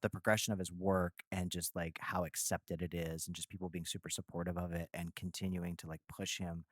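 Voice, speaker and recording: A man's voice: deep voice, little pitch movement, brisk, dry recording, studio quality. A Midwestern American man hosting a podcast, talking enthusiastically with lots of fillers and slang. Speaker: podcast host. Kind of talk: casual podcast chat.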